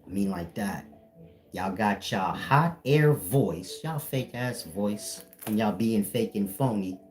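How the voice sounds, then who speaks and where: A man acting as a spiritual teacher, lecturing his viewers bluntly in a firm, defined voice with no softness. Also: on the low side, lively intonation, slow, soft background music. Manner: blunt, lecturing, scolding the audience. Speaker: self-styled spiritual teacher. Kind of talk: preachy solo monologue to viewers.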